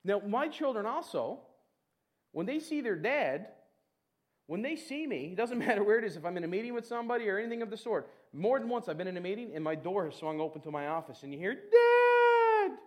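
A middle-aged man preaching a sermon, animated, who acts out prayers in a whiny voice. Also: high voice, fast.

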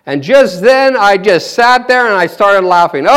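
A man's voice: high voice, a bit bright, smooth. A male pastor preaching an exuberant sermon, quoting scripture, calling for amens and breaking into laughter. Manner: exuberant, breaks into laughter, repeats call-and-response.

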